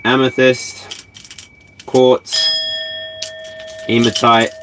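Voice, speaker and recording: A man's voice: mid-range voice, monotone, extremely slow, background noise. A man with an Australian accent hosting a casual tarot livestream from his caravan, rambling playfully and breaking into bits of song. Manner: rambling, playful, sings snatches of songs. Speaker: tarot reader, livestream host.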